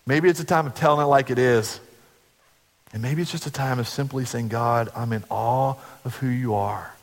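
A pastor preaching a sermon to his church, earnest and conversational, sometimes dropping to a hush. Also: on the high side, in a large hall.

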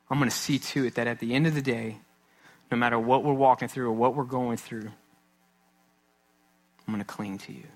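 A man's voice: medium pitch, steady tone, fairly quick, pauses often, darkish tone, faint music behind. Earnest man preaching in a conversational way. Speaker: pastor. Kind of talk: sermon.

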